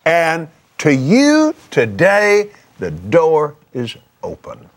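A man's voice: fairly high pitch, drawn-out words. A man who hosts a TV show and preaches in a testimony style while chatting, fervent and exclamatory. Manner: fervent and exclamatory, with sudden excited jumps.

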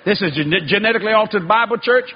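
A man preaching a sermon, telling a story in a folksy way with y'all and ain't, swinging from loud exclaiming to low hushed tones. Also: quick pace, lo-fi sound, background noise. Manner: folksy Southern-style speech with y'all and ain't.

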